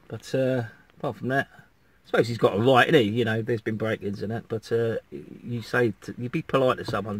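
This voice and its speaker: Sunlight, a parked campervan, and a middle-aged man vlogging with casual, wandering chatter and occasional cursing. His voice is fairly low, and there's slight background noise.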